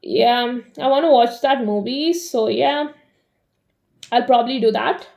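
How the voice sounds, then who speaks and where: High-voiced young woman, chatty vlog. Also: unhurried, vocal fry. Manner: rambling, chatty, frequent "like" fillers; varies between animated and dull delivery. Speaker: vlogger. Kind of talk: casual diary vlog.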